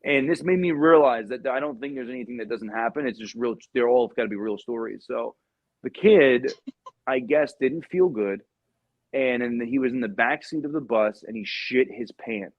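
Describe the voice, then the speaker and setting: A man tells a story in casual chat and acts out the shouted lines of the people in it. The recording sounds dull and lo-fi, with a dry close sound. His pitch sits mid-range for a man. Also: moderate pace, dry recording. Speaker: podcast guest, Marine veteran.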